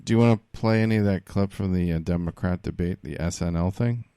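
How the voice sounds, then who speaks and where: A man's voice: sits low, fast talker, mellow, clear, resonant tone, no room sound, studio quality. A man co-hosting a podcast in casual chat, laid-back and amused. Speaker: podcast co-host.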